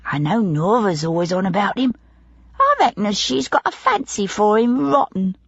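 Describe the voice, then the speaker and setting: A woman's voice: medium pitch, big pitch swings, moderate pace, gravelly, breathy edge, no echo, dull audio, voice pushed up, full character voice. A woman voicing an eager, gossipy young housemaid who talks in broad working-class dialect. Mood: confiding.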